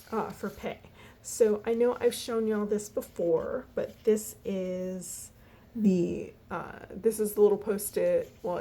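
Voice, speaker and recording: A woman walking through her family budget in a casual, halting way, tired and yawning, with lots of fillers. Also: mid-range voice, dark tone, slight background noise. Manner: chatty, halting, many fillers and restarts. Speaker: budgeting vlogger.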